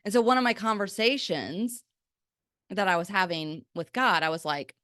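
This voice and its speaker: A woman hosting a faith-based podcast, talking in a chatty, energetic way full of "like" fillers. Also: medium pitch, normal speed, no echo, studio quality. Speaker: podcast host. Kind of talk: faith-based pep talk.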